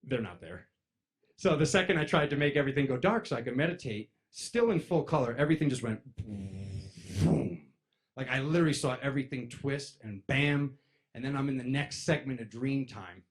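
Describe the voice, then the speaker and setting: At a normal speed and with a mid-range voice, a spiritual speaker addresses his audience as "you guys" in a laid-back talk. He is lively, weaving in stories and imitating the voices of the people in them.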